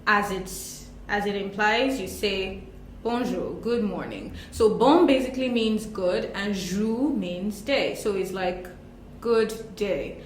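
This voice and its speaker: A woman's voice: medium pitch, expressive, slow, reverberant, a little hiss or hum. A woman co-hosting a casual French lesson, chatty and playful, laughing as she explains. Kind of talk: casual bilingual lesson chat.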